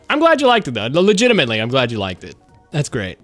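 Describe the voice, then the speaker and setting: A man's voice: medium pitch, huge pitch swings, fast, fairly bright tone, faint music behind. A worn-out man live-streaming a game, rambling casually to chat and swearing often. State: exhausted.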